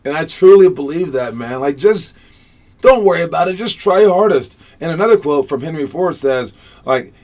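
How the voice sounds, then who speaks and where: A man's voice: a little high, lively intonation, normal speed, darkish tone. A man coaching basketball in a casual online class, loose and chatty with many fillers, upbeat and encouraging.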